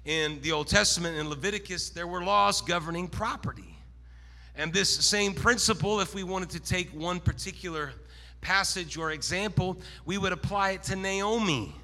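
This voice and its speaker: A man preaching a sermon in a reverberant church hall. His voice is very bright and gravelly, pitched fairly high. He teaches calmly, then builds to shouted, sing-song preaching. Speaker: pastor. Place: church sanctuary.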